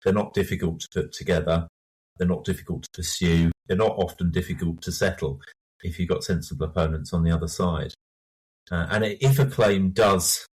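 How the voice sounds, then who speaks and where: Deep voiced guy, a bit husky, lots of ums, careful and measured. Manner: hesitant, many fillers, measured. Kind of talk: casual professional discussion.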